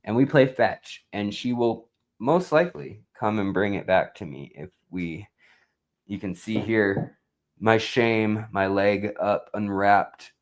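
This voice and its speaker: A man hosting a live stream in casual chat, rambling and slow, now and then talking baby talk to his cat. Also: fairly low pitch, poor audio.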